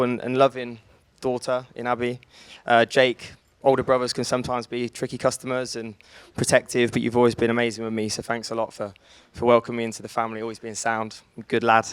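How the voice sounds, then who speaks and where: A man's voice: medium pitch, little pitch movement, fairly quick, few pauses, clean tone. A young man from England giving a teasing wedding speech as the groom, laughing at his own jokes.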